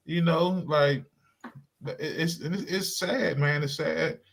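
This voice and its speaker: A man co-hosting a casual panel chat, retelling events with lively, animated storytelling. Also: a little high, slow, creaky. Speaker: panel co-host.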